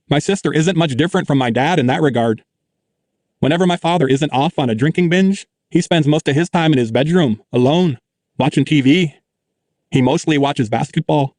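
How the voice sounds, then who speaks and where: A man's voice: a little high, a little mellow, no room sound, clean studio sound. Man narrating a wry first-person audiobook.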